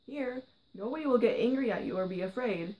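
A woman reading the lines of a kind, worried man who looks after a gifted girl, softly and gently. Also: a little high, lively intonation, brisk, highs cut off, voice pushed up, natural voice. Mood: gentle. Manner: soft, gentle, hushed delivery.

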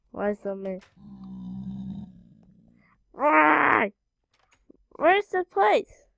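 A woman's voice: on the high side, gravelly, fairly bright tone, dry recording. A woman hosting a gaming channel, giving casual gameplay commentary and muttering to herself while she searches, with frequent exclamations.

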